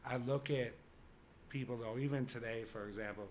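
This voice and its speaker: A man's voice: mid-range voice, steady tone, normal speed, darkish tone, a little hiss or hum. A young man chatting on a podcast in a loose, rambling way, full of "like" and "you know". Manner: rambling, heavy use of "like". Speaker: podcast guest. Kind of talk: casual podcast chat.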